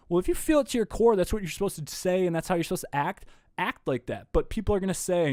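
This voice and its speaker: Male podcast guest with a slightly high voice, animated and swearing freely as he tells a story, close and dry. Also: fast talker, no echo. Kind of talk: casual conversation. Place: indoor room.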